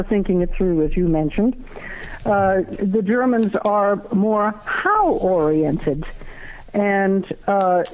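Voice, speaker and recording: A guest author answering interview questions in a halting way, with many pauses and restarts, heard over a phone line. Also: mid-range voice.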